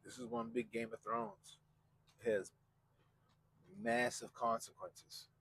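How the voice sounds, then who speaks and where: A man's voice: medium pitch, sing-song, slow pace, gravelly, a bit bright, slight background noise, poor audio. A man hosting a podcast, talking casually and profanely, mocking people and quoting them in put-on voices. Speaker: podcast host. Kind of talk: casual commentary chat.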